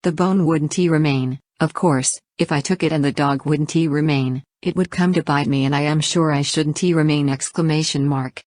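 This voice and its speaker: A woman's voice: sits low, fairly even intonation, moderate pace, hardly any pauses, a little mellow, no room sound, natural voice. A woman voicing a polite, earnest young girl from a fairy tale, careful in manner, reading the punctuation aloud. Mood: reasoning.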